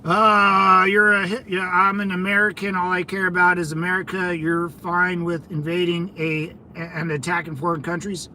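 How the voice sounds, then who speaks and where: A man hosting a casual livestream, answering chat in a brash, combative and mocking way, with loud outbursts. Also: high voice, little pitch movement, normal speed, few pauses, slight background noise, poor audio. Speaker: channel host reading live chat.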